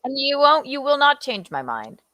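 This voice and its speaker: Brief: blunt, joking female co-host, mid-pitched, dry close-miked sound. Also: wildly swooping pitch, moderate pace, pushed and bright, no echo. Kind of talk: casual chat.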